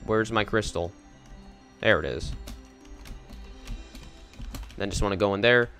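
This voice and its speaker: Young man, low-ish voice, rambling gameplay commentary, offhand, faint background music. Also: a little slow, sharp tone. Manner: rambling, casual, easily confused. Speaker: game walkthrough commentator.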